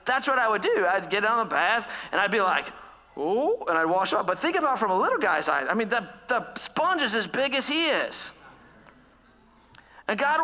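A man's voice: high-pitched, sharp tone. A man in his thirties preaching a sermon, telling a personal story in a self-deprecating way and laughing often. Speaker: pastor. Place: church hall. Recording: long church reverb.

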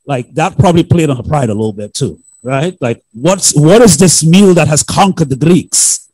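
Pastor, man, 30s; animated sermon delivery, mellow tone. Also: on the high side, brisk, no room sound, poor audio. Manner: storytelling, acts out quoted family voices.

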